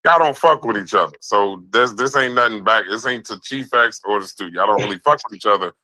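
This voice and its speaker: Brief: host keeping order on a live show, bright voice, dry sound. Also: male voice, on the low side, quick pace, no room sound, rough recording. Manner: calming, keeps steering talk back.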